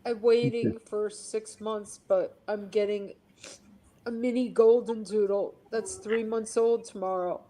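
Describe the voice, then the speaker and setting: A woman caller speaks in a warm, mellow voice. She talks softly and haltingly while receiving a reading. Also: medium pitch, fairly even intonation, low-quality recording.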